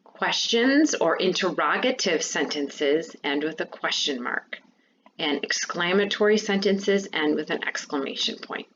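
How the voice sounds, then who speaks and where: A woman teacher giving a remote lesson to fifth and sixth graders, explaining patiently and clearly. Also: fairly low pitch, lively intonation, a little slow, fairly bright tone, highs cut off, slight background noise.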